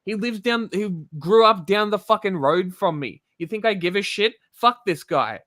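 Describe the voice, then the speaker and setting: A man's voice: high voice, expressive, normal speed, a bit bright, dry recording, studio quality. An Australian man streaming, ranting bluntly and swearing a lot as he reacts to a video. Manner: blunt, heavy swearing, exasperated. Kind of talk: casual profane rant.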